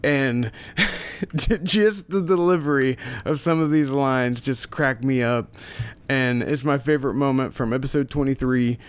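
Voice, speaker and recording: A man's voice: medium pitch, measured pace, clear, resonant tone. A man hosting a casual podcast, introducing clips in a laid-back, chuckling, rambling way. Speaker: podcast host presenting clips. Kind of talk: casual solo narration between clips.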